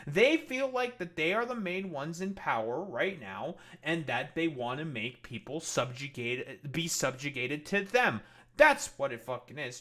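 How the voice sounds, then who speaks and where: Bright-voiced man ranting profanely. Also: on the high side. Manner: profane, heated, blunt. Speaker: streamer and political commentator. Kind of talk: ranting political commentary.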